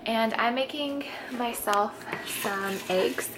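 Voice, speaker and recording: Speaking to her camera from a kitchen at home, a young woman vlogs in a casual, rambling way, confessing things while tired, tearful, and sniffly. Her voice is on the high side and slow, against a noisy background.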